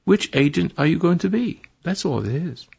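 Gravelly older man preaching on radio. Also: a little high, expressive, moderate pace, darkish tone. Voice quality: gravelly, husky. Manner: rambling, preachy, self-correcting. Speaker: radio talk show host. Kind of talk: advice to a caller on a call-in show. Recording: dull lo-fi radio broadcast.

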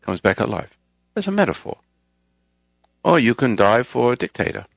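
A man's voice: mid-range voice, big pitch swings, moderate pace, creaky, dry recording. A man hosting a talk program, delivering a rambling, moralizing monologue and raising his voice to stress points. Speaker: radio show host.

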